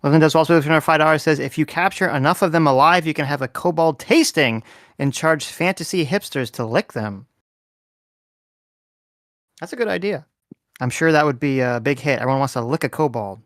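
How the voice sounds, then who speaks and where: A man's voice: fairly high pitch, fairly quick, fairly bright tone, no room sound, clean studio sound. A man co-hosting a casual livestream, reading out donor messages and reacting to them bluntly. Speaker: co-host reading donations.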